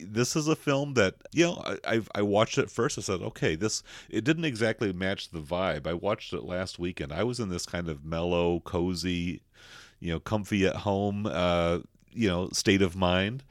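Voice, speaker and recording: A man hosting a film podcast in a relaxed, rambling way, with many fillers. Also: deep voice, normal speed, no echo, studio quality. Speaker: podcast host. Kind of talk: casual film discussion.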